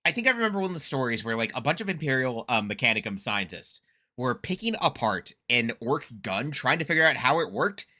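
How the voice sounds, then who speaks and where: A man giving casual reaction commentary, excitable, laughing often and swearing freely. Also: mid-range voice, brisk. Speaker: reaction streamer.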